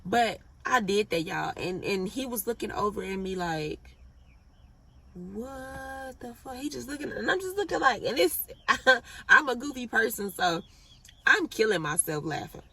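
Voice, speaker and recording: A young woman vlogger telling a storytime in a casual, animated and profane way. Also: mid-range voice, moderate pace, breathy edge, far from the mic. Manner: animated, blunt and profane, laughs at her own story.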